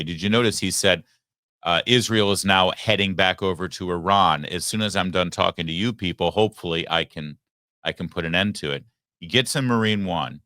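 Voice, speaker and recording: A man's voice: deep voice, bright, forceful tone, dry recording, studio quality. A man hosting a political talk show, giving emphatic, sarcastic news commentary.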